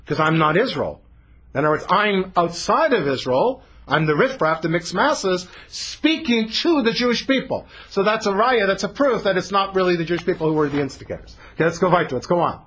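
A man's voice: sits high, animated, brisk, a bit bright, breathy edge. A man teaching a Torah text-study class, explaining animatedly and dropping Hebrew terms into his English.

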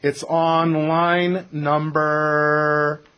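A man's voice: on the high side, little pitch movement, very slow, clean tone, muffled recording. A man teaching a text study class, explaining emphatically and putting questions to his students.

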